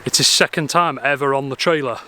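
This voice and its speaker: A man's voice: medium pitch, brisk, bright, forceful tone, slight background noise. A man, vlogging casually outdoors while cycling with his dogs in a trailer and chatting to them. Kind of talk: casual vlog to camera.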